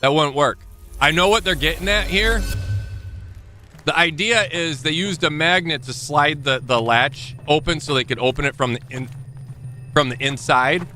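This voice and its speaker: A man's voice: a little high, moderate pace, sharp tone, faint music behind. A young man streaming a game live, thinking aloud and rambling as he corrects himself mid-thought. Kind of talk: live gameplay commentary.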